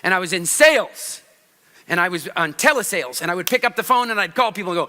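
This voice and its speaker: A middle-aged man speaks on stage to a live audience, animated and theatrical as he acts out different ways of talking. His voice is strikingly bright and forceful, sitting fairly high. It rings out with a long reverb from a large hall. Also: quick pace. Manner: animated, demonstrates voices by shifting pitch and loudness. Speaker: public speaking coach.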